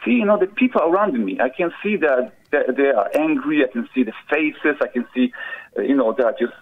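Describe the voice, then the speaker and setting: A man from Poland with a Polish accent, calling in to a show and speaking haltingly, full of "you know". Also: medium pitch, lively intonation. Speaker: caller. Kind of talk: casual call-in chat. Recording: muffled phone call-in line.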